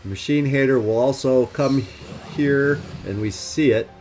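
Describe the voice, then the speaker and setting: Soft music plays behind this male gaming host as he narrates his tactical choices in a let's play, wryly second-guessing himself as he plans. He speaks a little slowly in a mid-range, slightly mellow voice.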